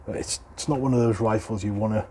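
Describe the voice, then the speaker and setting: This is a quick-paced walkthrough of a repair from a middle-aged airgun hobbyist with a British accent. He keeps a steady, lowish, dark voice and explains things chattily, laughing softly as he moves from one point to the next. There's slight background noise.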